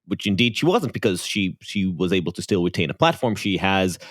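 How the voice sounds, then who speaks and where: A man's voice: low-pitched, very animated, fairly quick, no room sound, clean studio sound. A man with an Israeli accent co-hosting a podcast, speaking thoughtfully with frequent restarts. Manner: thoughtful, hesitant with many restarts. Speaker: podcast co-host. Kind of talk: casual podcast chat.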